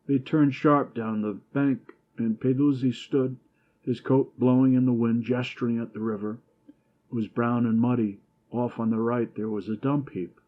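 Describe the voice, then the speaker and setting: A man narrating an audiobook in a measured, even storytelling manner. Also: medium pitch, phone-quality sound. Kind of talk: scripted narration.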